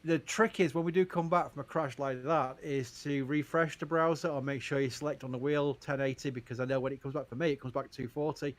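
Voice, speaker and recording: A man's voice: mid-range voice, fairly even intonation, a little fast, hardly any pauses. A man hosting a live stream, reading out viewer questions and answering carefully, stressing what is uncertain. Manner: careful, stresses uncertainty, laughs between points.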